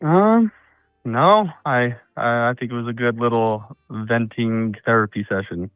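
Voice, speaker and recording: A male caller on an advice show who speaks plainly and in a low-key way. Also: a little slow, no echo. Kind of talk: phone-in conversation. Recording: tinny phone line with faint music.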